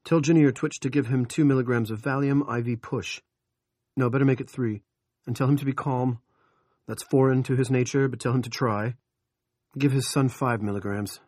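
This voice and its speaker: A man voicing an urgent small-town doctor who gives brisk, commanding orders. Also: mid-range voice, steady tone, a little mellow, no room sound, clean studio sound, voice pushed up, lightly acted.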